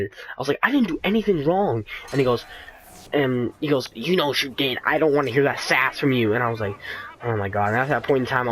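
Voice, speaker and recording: A man's voice: mid-range voice, slight background noise, poor audio. A teenage boy telling a rambling school story over gameplay, full of fillers and restarts. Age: teens. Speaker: gaming commentator.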